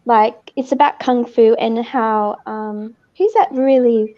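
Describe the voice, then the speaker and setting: A woman's voice: fairly high pitch, steady tone, slow, no room sound, lo-fi sound. A woman chatting casually on a livestream, giggly and hesitant, full of fillers.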